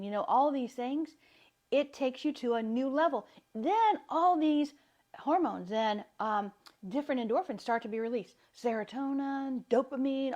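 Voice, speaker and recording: A woman with a light Southern accent, giving a chatty, upbeat live talk as a wellness coach. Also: a little high. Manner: chatty, upbeat, laughs often.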